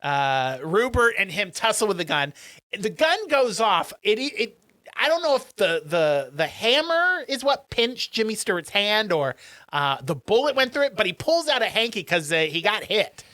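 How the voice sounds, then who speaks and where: A man co-hosting a podcast retells a film with lively, swooping intonation, jumping into the characters' voices as he goes. His tone is bright and forward. The sound is close and dry, with no room around it. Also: high-pitched, normal speed, no room sound. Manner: animated retelling, acting out film characters' lines. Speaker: podcast co-host. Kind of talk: casual chat.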